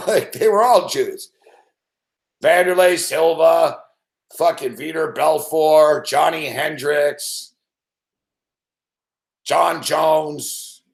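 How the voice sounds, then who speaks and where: A man hosts a late-night sports betting show and tells his stories in a loose, rambling rant. He swears constantly and keeps things animated. His slightly higher-than-usual voice echoes around a hard room. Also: very slow, creaky, pauses often. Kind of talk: late-night ranting storytelling.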